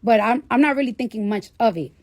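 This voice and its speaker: Woman, high voice, dry close sound, casual livestream storytelling, candid, swears a lot. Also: lively intonation, fast, no echo. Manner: candid, profanity-laden, chatty. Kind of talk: casual storytelling to a live audience.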